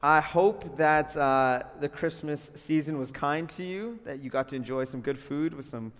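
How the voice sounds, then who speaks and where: Upbeat young pastor, echoing hall. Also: male voice, on the high side, moderate pace, a bit bright. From Calgary, Canada. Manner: upbeat, friendly, joking asides. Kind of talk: sermon. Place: school hall used for church. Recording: long hall reverb.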